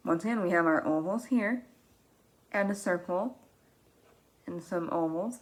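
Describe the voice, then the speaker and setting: A woman teaching young children, reading a picture book aloud in an animated, expressive way, gasping and asking them questions. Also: lowish voice. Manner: animated and expressive, with frequent gasps and drawn-out words.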